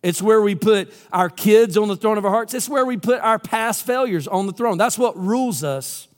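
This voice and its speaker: High-pitched male pastor in a reverberant hall. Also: lively intonation, normal speed. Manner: dramatic storytelling, drops to a low hush for emphasis. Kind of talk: sermon. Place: church sanctuary.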